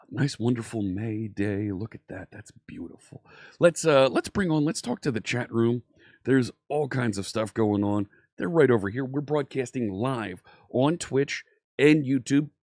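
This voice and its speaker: A man's voice: mid-range voice, lively intonation, a little slow, darkish tone, no room sound, clean studio sound. A man hosting a live coding stream, chatty and upbeat, greeting viewers in the chat by name.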